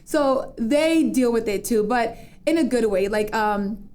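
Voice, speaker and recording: Animated chatty woman, slightly high voice. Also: a little slow. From United States, Dominican parents. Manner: animated storyteller, acts out quoted voices, laughs often. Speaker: podcast guest. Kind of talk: casual interview chat.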